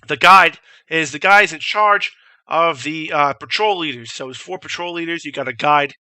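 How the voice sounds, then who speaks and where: A young man casually telling a profane, animated story and mimicking shouted orders as a vlogger. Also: fairly high pitch, no room sound. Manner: profane, animated, imitates drill instructors shouting.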